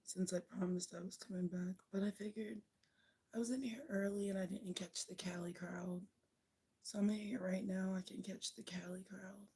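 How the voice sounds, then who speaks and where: Woman, raspy worn-out voice, soft half-whisper, slow drawl, very breathy, monotone. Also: medium pitch. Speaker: livestream host. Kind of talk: late-night livestream chat with viewers.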